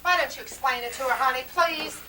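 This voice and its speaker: A woman performs the social-climbing West Texas mother, middle-aged and brassy, gushing and honey-ing everyone in a radio-style comedy drama. Her voice is high-pitched, bright and forceful, moving fairly quickly. The recording sounds roomy and distant, with a little noise.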